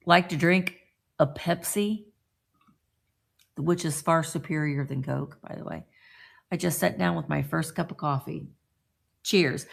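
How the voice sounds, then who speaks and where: A woman's voice: on the low side, vocal fry, fairly bright tone. A middle-aged woman from Indiana hosting a casual live stream, chatting and greeting viewers by name.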